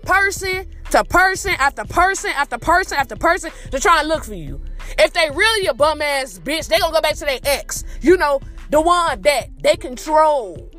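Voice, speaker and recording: A woman with a high voice talks straight to her listener in a blunt, profane podcast monologue, calling them "my baby" as she lectures. She speaks, and faint music plays behind her. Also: expressive, moderate pace, a bit bright. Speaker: podcast host. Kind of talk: casual monologue.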